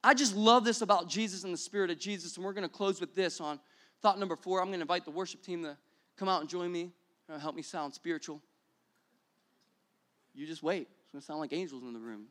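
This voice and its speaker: A young man preaching a sermon as pastor, energetic and repetitive, building to exclamations. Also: high voice, fairly quick.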